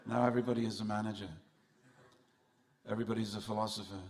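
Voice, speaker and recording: A man's voice: fairly low pitch, level tone, very fast, darkish tone. A man giving a festival sermon in a temple hall, telling humorous stories and speaking straight to his audience. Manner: humorous storytelling, addresses the audience directly.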